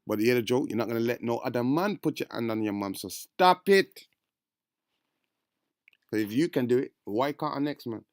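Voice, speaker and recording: A man's voice: mid-range voice, fast, hardly any pauses, darkish tone, no room sound, clean studio sound. A man giving rambling, slangy commentary on an interview clip, calling his listeners bro and family. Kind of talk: casual reaction commentary.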